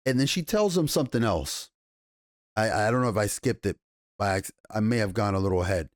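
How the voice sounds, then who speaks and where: A man giving a casual, excited TV episode review, swearing often, restarting sentences and paraphrasing scenes in slangy voices. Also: lowish voice, a little fast, no room sound, clean studio sound. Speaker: TV show reviewer.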